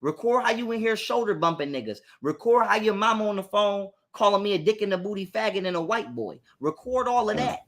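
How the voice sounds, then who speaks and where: A man telling a story in casual chat, animated and profane, getting heated as he goes. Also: high voice, quick pace, hardly any pauses.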